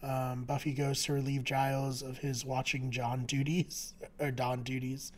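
A man's voice: mid-range voice, level tone, measured pace. Man, podcast co-host, casual recap, chatty, laughs often, lots of fillers.

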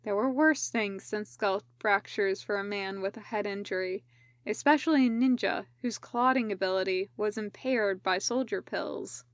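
A woman narrating a fan-fiction audiobook in a measured, even way. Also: medium pitch, no echo. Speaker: podfic reader.

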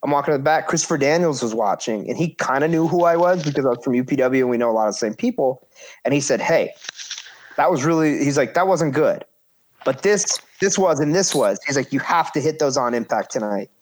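A man's voice: mid-range voice, animated, brisk. A man in his thirties casually telling a story about his wrestling career, acting out quoted voices and swearing freely.

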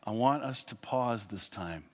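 Man preaching in an echoing hall. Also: on the low side. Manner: earnest, reads scripture slowly, asides with fillers. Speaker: pastor. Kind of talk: sermon. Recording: long hall reverb.

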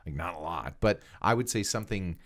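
A man's voice: low voice, expressive, fairly quick, fairly bright tone. A man co-hosting a podcast in casual political chat, rambling and often repeating words as he starts sentences. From Canada. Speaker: podcast co-host.

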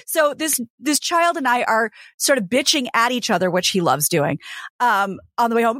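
A woman co-hosting a casual podcast, telling stories and playing out each side of a conversation. Her voice sits fairly high and swings widely. The sound is dry and close. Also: moderate pace, dry recording. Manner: animated storytelling, acting out both sides of exchanges. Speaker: podcast co-host. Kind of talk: casual chat.

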